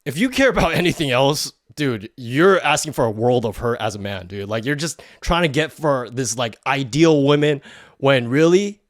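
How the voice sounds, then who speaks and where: A man's voice: medium pitch, animated, normal speed, no room sound, studio quality. A man hosting a podcast, telling a story in a blunt, profane, heated rant. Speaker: podcast host. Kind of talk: ranting storytelling.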